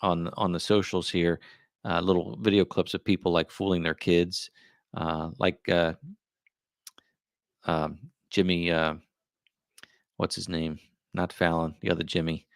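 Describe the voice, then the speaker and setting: A man's voice: low-pitched, little pitch movement, measured pace, gravelly, long pauses, no room sound, clean studio sound. A middle-aged man hosting a livestream, chatting casually and rambling through his thoughts with plenty of asides. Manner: rambling, musing aloud with many asides. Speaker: livestream host. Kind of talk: casual live chat.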